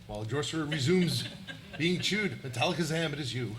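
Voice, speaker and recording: A man acting as game master, briskly directing players through a live tabletop game. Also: fairly high pitch, lively intonation, a bit bright. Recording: live event with faint room noise.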